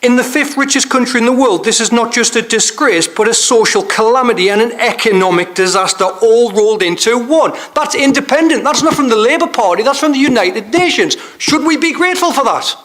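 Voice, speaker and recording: A man speaks in a council chamber, his voice sitting high. He is plainly angry, driving his speech forward with one repeated rhetorical question after another. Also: brisk, hardly any pauses, fairly bright tone.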